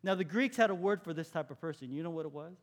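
A Californian pastor delivers a sermon conversationally, posing questions to his listeners and lowering his voice to a hush on key points. He speaks fast in a slightly high voice.

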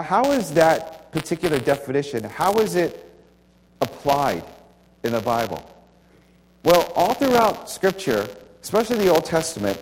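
A man's voice: fairly high pitch, a little mellow. A man preaching a sermon with slides in a conversational, emphatic way, often repeating key words. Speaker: pastor. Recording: faint hall reverb and light noise.

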